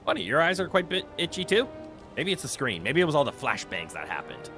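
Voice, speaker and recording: A man's voice: on the high side, wildly swooping pitch, brisk, pushed and bright, faint music behind. A man streaming a video game, chatting playfully with his viewers and laughing often. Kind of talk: casual gameplay commentary.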